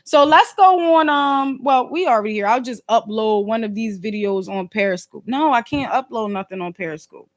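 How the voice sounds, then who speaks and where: Philly woman on a phone livestream, high voice, loud and slangy, keeps asking "you know what i'm saying". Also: normal speed, few pauses. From Philadelphia. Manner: animated and slangy, fond of rhetorical asides; loud and emphatic, sometimes snapping. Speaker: podcast host and livestreamer. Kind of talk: casual livestream chat.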